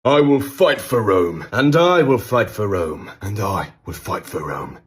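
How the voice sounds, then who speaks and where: An actor playing a defiant warrior making a slow, solemn vow. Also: male voice, lowish voice, very animated, slightly rough, faint music behind, full character voice.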